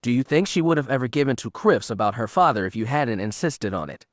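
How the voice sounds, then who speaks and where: A man voicing a drunk, gruff middle-aged smuggler who talks loudly in a slurred drawl, read as an audiobook character. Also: mid-range voice, expressive, fast talker, no room sound, studio quality, lightly acted. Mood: vehement.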